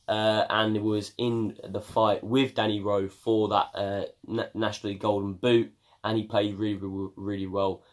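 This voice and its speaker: Young male vlogger from England, low voice, chatty unscripted news roundup with filler words. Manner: chatty, with many ums and uhs. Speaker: football vlogger. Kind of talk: casual video news roundup.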